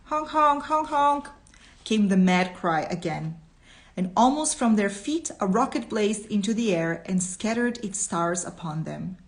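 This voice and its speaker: Woman reading slowly and deliberately. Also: medium pitch, lively intonation, darkish tone. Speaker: literature teacher. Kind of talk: reading a short story aloud with commentary.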